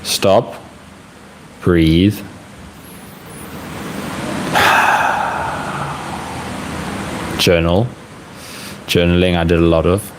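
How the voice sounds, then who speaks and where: Young male host, deep-pitched, gentle and reflective, home livestream with light fan noise. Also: steady tone, low-quality recording. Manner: gentle, reflective, speaks in unhurried phrases with frequent fillers. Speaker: livestream host answering viewer questions. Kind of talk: casual live Q&A talk. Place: home room with a fan running. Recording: faint fan noise in the background.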